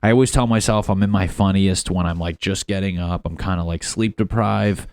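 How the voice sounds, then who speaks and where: A young man talks alone on his comedy podcast from his apartment. His voice is low and the sound is dry and close, with no room around it. He rambles, swears freely and pokes fun at himself. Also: a little fast, creaky, darkish tone, no room sound. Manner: profane, self-deprecating, rambling. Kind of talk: rambling solo podcast monologue.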